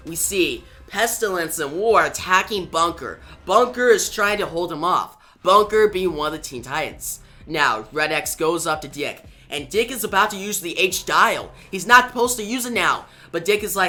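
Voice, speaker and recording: A man's voice: high voice, animated, moderate pace, few pauses, pushed and bright, soft background music. A man retelling a comic book issue in a loose, casual way, starting most lines with "now". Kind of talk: casual comic recap narration.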